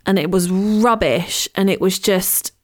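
A woman's voice: mid-range voice, unhurried. A woman co-hosting a podcast, talking candidly and with animation, often laughing and repeating herself. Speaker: podcast co-host. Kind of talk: casual chat.

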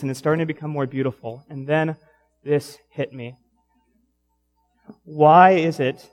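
A young man preaching a sermon in a church, telling stories casually and laughing often. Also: medium pitch. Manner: casual, animated storytelling with laughs. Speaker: pastor.

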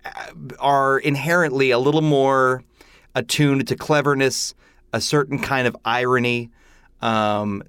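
A man chatting on a musical theatre podcast, animated and opinionated, full of "like" asides. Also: mid-range voice, no room sound, clean studio sound. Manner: animated, opinionated, many "like" fillers. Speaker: podcast panelist. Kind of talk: casual chat.

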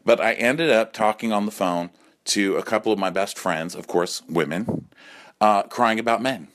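A man's voice: on the low side, normal speed, fairly bright tone. A man in his forties, drunk, delivering a campy, sassy comic rant that keeps slipping into acted-out voices. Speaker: caller leaving a voice message.

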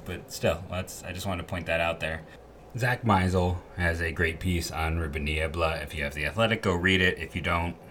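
A man's voice: low voice, a bit bright, slight background noise. A man hosting a sports podcast, talking casually in a rambling, candid way with lots of fillers and restarts. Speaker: podcast host.

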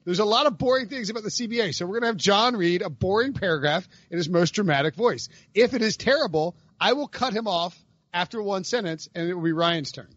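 A man hosting a podcast, talking in a rambling, animated, self-interrupting way. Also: high voice, fairly quick, no echo, highs cut off. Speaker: podcast host. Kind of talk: casual chat.

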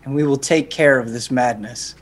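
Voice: mid-range voice, fairly even intonation, lightly acted. A player voicing a stern older brother who hunts monsters, lecturing solemnly in an improvised tabletop role-play. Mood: earnest. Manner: solemn, overly earnest lectures, pausing for effect.

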